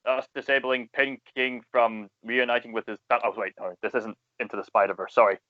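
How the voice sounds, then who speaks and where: A man's voice: medium pitch, level tone, brisk, no echo, dull audio. A man co-hosting a podcast, chatting casually with playful, mock-formal jokes. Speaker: podcast co-host.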